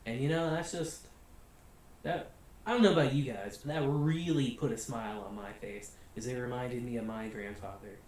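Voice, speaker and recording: A man's voice: mid-range voice, normal speed, far from the mic. Chatty American man in a very echoey room. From United States. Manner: chatty, relaxed, laughs often, many fillers. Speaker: anime reviewer, channel host. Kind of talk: casual spoken review. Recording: very echoey room, voice off-mic, faint hiss.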